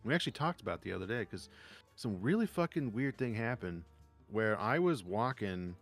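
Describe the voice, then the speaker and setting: A man co-hosting a podcast, telling stories in a casual, profane, animated way. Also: fairly low pitch, fairly quick, vocal fry, soft background music. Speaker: podcast co-host. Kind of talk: casual storytelling chat.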